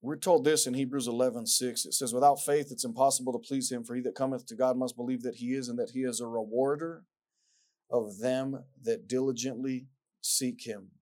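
A man's voice: mid-range voice, steady tone, fairly quick, a little mellow. A man preaching a sermon, reading scripture aloud and pressing his points with repetition and rhetorical questions. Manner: emphatic, repeats lines, asks rhetorical questions; reads scripture aloud in King James wording.

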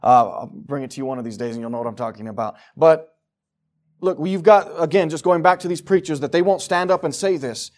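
High-voiced emphatic male preacher. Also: a little fast. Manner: emphatic preaching, swinging from loud declarations to low, quiet asides. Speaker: pastor. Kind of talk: sermon. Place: church.

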